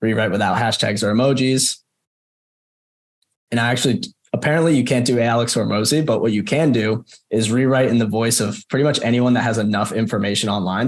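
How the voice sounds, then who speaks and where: A young man coaching a group on a call, casual and chatty, with many fillers and repeated words. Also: medium pitch. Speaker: marketing coach presenting. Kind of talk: casual screen-share walkthrough on a call.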